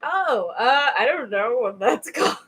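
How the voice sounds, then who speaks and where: A woman's voice: fairly high pitch, expressive, measured pace, a bit bright, breathy edge. A woman co-hosting a casual show, rambling and joking with a giggle. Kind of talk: casual chat.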